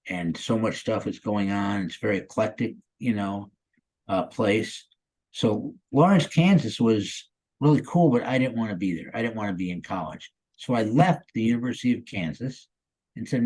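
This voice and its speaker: A man's voice: on the low side, a little mellow, poor audio. A man in his sixties from the Chicago area, a guest actor telling stories in a casual interview, rambling and upbeat with lots of "you know" and "um". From Chicago area, USA. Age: 60s.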